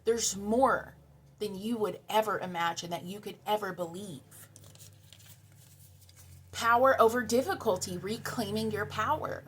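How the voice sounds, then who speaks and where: A woman's voice: medium pitch, unhurried, long pauses, a bit bright, slightly rough. A woman doing a spiritual tarot card reading for her viewers, earnest and emotional, repeating key words for emphasis. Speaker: tarot reader.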